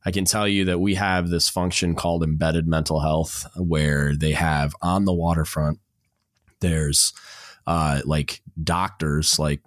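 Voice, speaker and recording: Deep-voiced male podcast host. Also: no echo, clean studio sound. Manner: relaxed, rambling, lots of "like" and restarts. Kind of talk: casual conversation.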